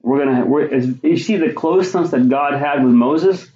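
A man preaching a sermon, teaching conversationally through scripture and rising to forceful emphasis on key points. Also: fairly high pitch, moderate pace. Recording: roomy, dull lo-fi sound.

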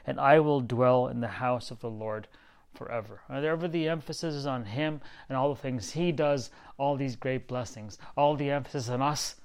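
Man preacher, mid-pitched voice, reads verses, asks rhetorical questions, chuckles between points. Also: moderate pace, clear, resonant tone. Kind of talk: informal sermon with scripture reading.

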